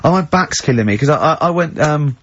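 A man's voice: on the high side, expressive, fast, a bit bright, a little hiss or hum. A man hosting a radio show, laughing a lot and telling anecdotes in casual studio banter. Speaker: radio host. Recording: dull lo-fi radio recording.

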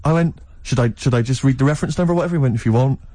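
Fast-talking man telling a story. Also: mid-range voice, dry recording. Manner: animated, laughing often, acts out quoted voices. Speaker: storyteller guest. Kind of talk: casual anecdote chat.

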